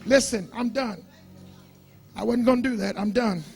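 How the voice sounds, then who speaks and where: A man preaching a sermon as pastor, shouting and chanting in call-and-response with his congregation. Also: extremely high pitch, normal speed, faint music behind. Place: church sanctuary.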